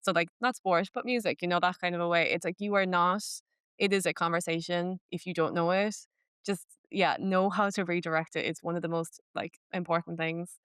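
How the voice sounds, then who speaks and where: Young irish woman chatting on a podcast, lots of "like", smooth lowish voice. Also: steady tone, fairly quick, a bit bright, no room sound, clean studio sound. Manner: chatty, fills speech with "like", slips into Irish phrases. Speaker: podcast host. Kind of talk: casual chat.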